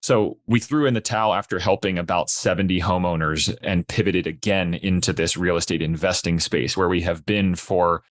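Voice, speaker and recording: Deep-voiced man pitching his platform. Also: moderate pace, few pauses, no echo, clean studio sound. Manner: steady explanatory pitch. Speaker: startup founder guest. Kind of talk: podcast interview.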